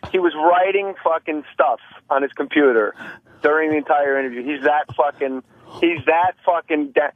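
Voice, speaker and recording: A man calling in to a radio show, telling rapid, profane stories and acting out other comedians' lines. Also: fairly high pitch, no echo, phone-quality sound. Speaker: phone-in comedian guest. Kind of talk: animated phone-in storytelling. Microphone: phone line.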